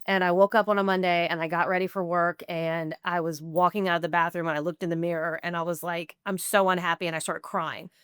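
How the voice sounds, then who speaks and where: A woman's voice: fairly low pitch, flat delivery, quick pace, hardly any pauses, fairly bright tone, clean tone, no echo, clean studio sound. A woman in her forties, a podcast guest, telling a candid personal recovery story in a conversational way, full of "like" and quoted self-talk.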